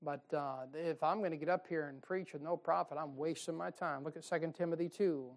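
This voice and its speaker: A male pastor preaches in a church. His delivery is folksy and emphatic. It swings from quiet, confiding asides to loud, heated bursts. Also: a little high, fairly even intonation, brisk. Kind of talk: fiery sermon. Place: church sanctuary.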